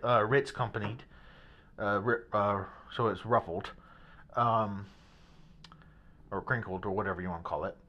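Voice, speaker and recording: A man's voice: fairly low pitch, pushed and bright. A young man casually rambling through a story in a hotel room, full of restarts and fillers. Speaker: vlogger.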